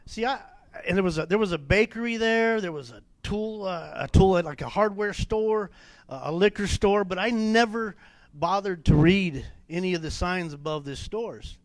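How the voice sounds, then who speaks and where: A man giving an animated personal testimony at a church men's meeting, with many fillers and restarts. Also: high-pitched, normal speed, no room sound. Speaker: testimony speaker.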